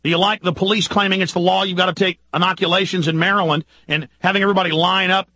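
A man hosting a radio talk show, delivering an urgent, ranting political monologue full of rapid-fire rhetorical questions. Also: sits high, level tone, pushed and bright, husky, no room sound, highs cut off. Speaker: radio host.

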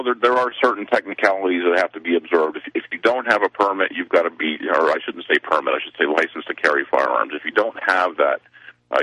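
Very deep-voiced male radio guest. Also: a bit bright, no echo. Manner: measured, explanatory, with hesitations and self-corrections. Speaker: guest, open-carry group member. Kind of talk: radio interview answers. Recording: dull lo-fi call-in audio.

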